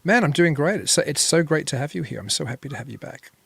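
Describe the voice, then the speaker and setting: A man's voice: fairly high pitch, expressive, quick pace, vocal fry, fairly bright tone, slightly rough, dry recording, clean studio sound. Upbeat, chatty podcast host, man. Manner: upbeat, chatty, repeats words. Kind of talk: casual interview.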